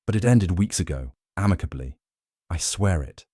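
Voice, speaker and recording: A man's voice: low-pitched, lively intonation, moderate pace, mellow, no room sound, clean studio sound. A man voicing a tearful young actress in an audiobook, with a tremulous, wavering voice. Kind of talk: audiobook character voice.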